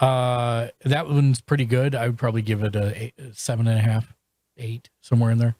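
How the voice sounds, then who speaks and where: A man's voice: mid-range voice, level tone, dark tone, no room sound. A man hosting a podcast, chatting casually and reviewing shows, with frequent restarts and fillers. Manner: halting, full of restarts and fillers. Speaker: podcast host.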